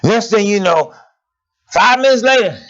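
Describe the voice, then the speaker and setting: A man preaching a sermon in a lively, conversational way, asking rhetorical questions and laughing as he goes. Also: high-pitched, moderate pace. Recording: dull lo-fi recording.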